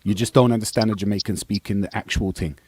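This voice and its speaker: A man's voice: on the low side, fairly even intonation, quick pace, a little mellow, husky, no room sound. A man from England, chatting casually on a podcast panel and making his points through examples. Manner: conversational, storytelling with examples. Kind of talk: casual live podcast chat.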